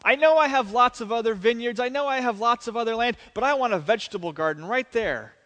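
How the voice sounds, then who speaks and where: A grown king whines for what he wants like a spoiled child, as a man acts him out. The voice climbs up high and petulant, with a long reverb in a church. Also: expressive, fast, sharp tone, full character voice. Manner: petulant, whining. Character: sulking greedy grown king.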